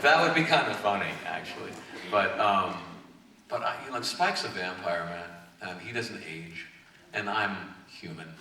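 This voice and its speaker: Man, guest actor at a convention Q&A, rambling and self-deprecating, distant echoey hall sound. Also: on the low side. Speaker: guest actor on a fan panel. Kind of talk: casual panel Q&A answers. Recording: echoey hall, far from mic, noisy.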